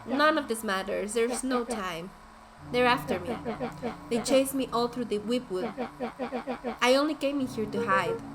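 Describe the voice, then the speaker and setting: A woman voicing a bitter, cursed young male monster in a game, speaking low and muffled with resentment. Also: measured pace, long pauses, crowd noise, lightly acted. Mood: anxious. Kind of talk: reading game dialogue aloud.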